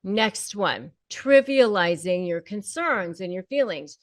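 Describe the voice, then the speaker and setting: A woman's voice: medium pitch, lively intonation, slow pace, dry recording, clean studio sound. A woman hosting an advice talk, speaking emphatically and repeating points to rally the viewer. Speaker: host and self-help coach on narcissistic abuse. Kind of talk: direct-to-camera advice talk.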